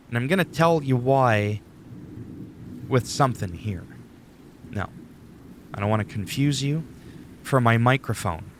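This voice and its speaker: A man's voice: medium pitch, fairly bright tone, a little hiss or hum. A man giving a rambling, profane, conversational tutorial while sitting at his desk and talking into a studio dynamic microphone. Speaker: YouTuber explaining recording settings. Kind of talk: casual screen-recorded tutorial. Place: home desk setup.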